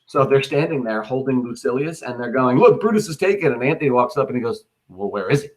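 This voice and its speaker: A man's voice: mid-range voice, lively intonation, fast. A man teaching a class, reading scenes from a play aloud and explaining them in casual, everyday words. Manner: casual, switches between reading lines and plain paraphrase.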